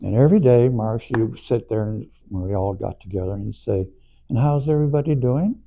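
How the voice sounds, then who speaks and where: Gravelly older man telling anecdotes. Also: on the low side, fast, mellow, lo-fi sound. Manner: chuckling, rambling anecdotes. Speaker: interviewee. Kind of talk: anecdotal storytelling.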